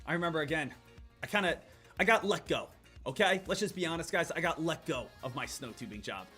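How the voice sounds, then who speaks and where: A young man from Pennsylvania talking casually on a trading stream, telling stories in an animated way and often filling in with "again" and "right?". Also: fairly high pitch, a little fast, slightly rough, soft background music. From Pennsylvania, USA. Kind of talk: casual trading livestream talk.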